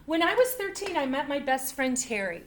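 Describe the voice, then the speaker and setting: A woman's voice: high-pitched, very animated, moderate pace, a little hiss or hum. A woman teaching a first grade writing lesson to young children. She talks patiently and repeats key points.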